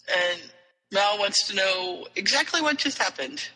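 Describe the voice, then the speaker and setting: A man's voice: high-pitched, a little slow, breathy edge, big-room sound, rough recording. A man co-hosting a casual podcast, retelling a story and slipping into voices for the characters. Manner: animated, slips into character voices while retelling. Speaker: podcast co-host.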